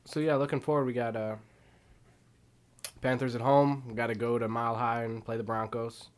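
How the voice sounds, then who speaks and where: A man co-hosting a casual podcast, going through the team's upcoming games in a plain, measured way with filler ums. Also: mid-range voice, flat delivery, smooth. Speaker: podcast co-host covering sports. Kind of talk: casual sports talk.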